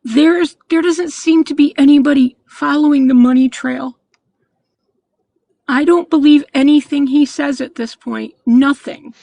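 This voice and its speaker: A woman in her sixties calling in to a show, speaking earnestly and haltingly, with frequent restarts. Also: sits high, steady tone, creaky, warm tone, no room sound, poor audio. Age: 60s. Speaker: caller. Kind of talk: call-in chat.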